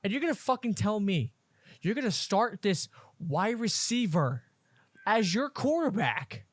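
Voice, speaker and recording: A man's voice: high-pitched, sing-song, unhurried, no echo. Profane ranting young man, dry sound. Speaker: podcast co-host. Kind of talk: casual sports podcast chat.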